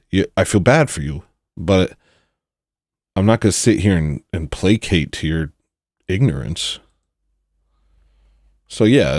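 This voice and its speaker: A man with a deep, low voice rants bluntly and provocatively, tossing in mocking asides. He talks casually as a podcast host. The sound is dry and close, with no room echo. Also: darkish tone. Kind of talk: casual opinionated monologue.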